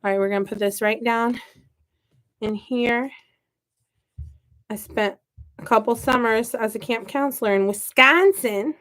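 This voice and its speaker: A woman's voice: on the high side, unhurried, long pauses, fairly bright tone. A young woman from the American Midwest with a Midwestern accent, chatting and rambling as she repots seedlings for her gardening vlog. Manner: chatty, rambling, self-mocking. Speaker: gardening vlogger. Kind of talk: casual chat while working.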